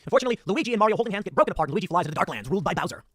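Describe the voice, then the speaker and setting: A man's voice: sits high, no echo. A man giving a political commentary, reading out and picking apart a movie review with sarcastic asides. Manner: rapid, lively delivery with sarcastic asides.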